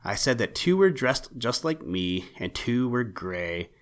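A curt, proud screech owl, as a male reader puts him on, clipped and a little cross. He speaks in a fairly low, everyday storybook voice. His words come out solemn and sharp. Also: expressive, a little slow. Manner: snappish, solemn.

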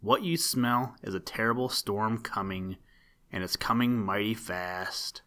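A man voicing a gruff but good-natured male mallard duck with a hoarse voice in a storybook reading. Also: on the low side, a little slow, sharp tone.

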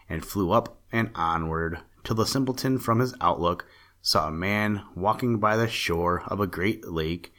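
Low-voiced man reading a fairy tale. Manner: steady, measured reading. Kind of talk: storybook narration.

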